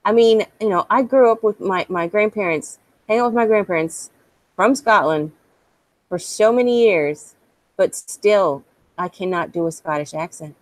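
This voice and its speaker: A woman's voice: medium pitch, normal speed, no echo. A woman chatting casually, swearing freely and laughing often. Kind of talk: casual chat.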